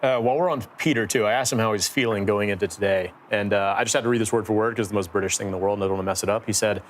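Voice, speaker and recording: A man's voice: on the low side, steady tone, very fast, hardly any pauses, slight background noise. A man bantering casually as a golf co-commentator, chatty and joking.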